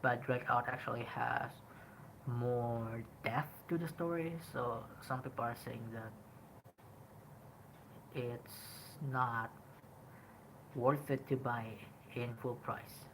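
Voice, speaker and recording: A young man from Indonesia with an Indonesian accent, talking casually about a game in a rambling way, often pausing on "um" and "like". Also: mid-range voice, vocal fry, a little hiss or hum, poor audio. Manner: rambling, frequent "like" and "um", animated emphasis. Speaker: podcast host. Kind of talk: casual game review talk.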